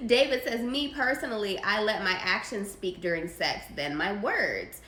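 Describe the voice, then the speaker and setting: A woman's voice: medium pitch, animated, measured pace, hardly any pauses, bright, forceful tone. A young woman hosting a live podcast Q&A, reading chat questions aloud and reacting in a brash, profane, laughing way. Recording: echoey room with faint ambient noise.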